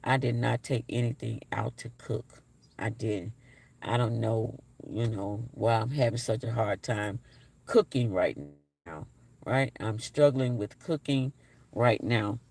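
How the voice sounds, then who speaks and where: Tired, gravelly man chatting live. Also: medium pitch, measured pace, a little mellow. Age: 40s. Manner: repeats his phrases, talks straight to the chat. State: low energy, flat and tired-sounding. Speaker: livestream host. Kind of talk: casual live-stream chat, reading viewer comments aloud.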